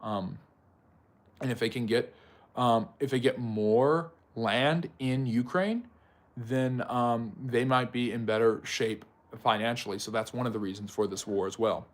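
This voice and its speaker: Male live-stream history host, mid-pitched voice, conversational, answers chat by name, rambling explanations full of ums and self-corrections. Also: a little slow. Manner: talks directly to chat viewers by name.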